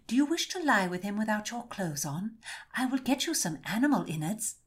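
Woman playing a chattering young court lady, eager and hushed, audiobook figure. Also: medium pitch, sing-song, brisk, breathy edge, voice pushed up. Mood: gossipy.

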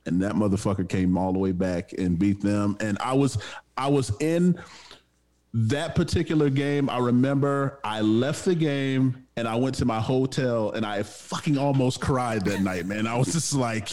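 A man's voice: mid-range voice, normal speed, a little mellow. A man co-hosting a podcast, telling a story in emphatic, profane casual chat. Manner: profane, emphatic, says bro a lot.

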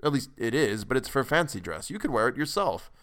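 A man voicing a puzzled, politely condescending shop clerk who talks in a prim, measured way. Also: medium pitch, sing-song, a bit bright.

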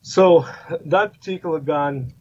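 A guest firearms expert with a slightly high, mellow voice speaks at a measured pace in a casual podcast discussion. He rambles with lots of fillers and restarts, over a slightly muffled line with faint noise.

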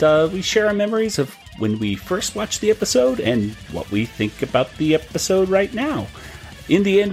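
A man hosting a cartoon podcast, chatting casually, laughing often and rambling with fillers. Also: medium pitch. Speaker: podcast host.

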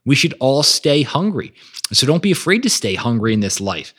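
A man's voice: mid-range voice, big pitch swings, normal speed, fairly bright tone, slightly rough. A man hosting a podcast, talking with energy and emphasis about growth mindset and reading quotes aloud. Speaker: podcast host. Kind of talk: motivational monologue.

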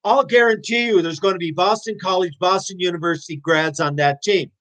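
A man in his sixties telling his stories as an interview guest, animated, blunt and profane. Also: high voice, brisk. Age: 60s. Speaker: interview guest, former hockey player. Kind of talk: casual storytelling.

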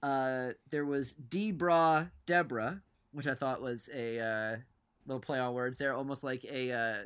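A man's voice: mid-range voice, little pitch movement, normal speed, a bit bright, clean tone. A man co-hosting a casual podcast, telling stories in a rambling, hesitant way. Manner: rambling, hesitant, lots of fillers and asides. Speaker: podcast co-host.

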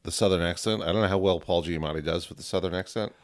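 Very deep-voiced joking man, dry sound. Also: quick pace, no echo. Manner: jokey, laughs often. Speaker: podcast co-host. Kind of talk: casual movie discussion.

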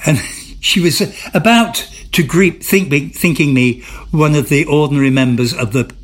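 Older English actor telling stories. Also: male voice, a little high, a little slow. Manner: theatrical, repeats and restarts words, amused storytelling. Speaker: interview guest, former soap actor. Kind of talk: candid anecdotal chat.

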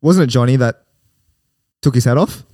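A man's voice: medium pitch, normal speed, no room sound. A man with an Australian accent co-hosting a casual podcast, teasing and laughing a lot during a word game. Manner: laughing often, teasing, lively. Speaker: podcast co-host. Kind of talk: casual banter while playing a word game.

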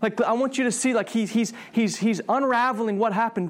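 A man preaching a sermon, animated, often restarting his phrases and acting out voices in the story. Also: fairly quick, few pauses. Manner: animated, acts out God's voice with rising pitch; frequent restarts and repeated words.

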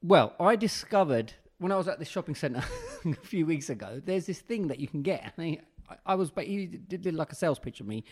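A man co-hosting a casual chat, talking playfully and with emphasis, laughing often. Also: a little high. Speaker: podcast co-host.

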